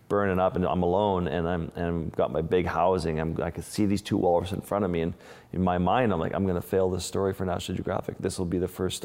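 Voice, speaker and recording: Male underwater photographer, deep voice, casual storyteller, lingering reverb on the track. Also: a little mellow. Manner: casual, restarts phrases, vivid retelling. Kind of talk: interview storytelling.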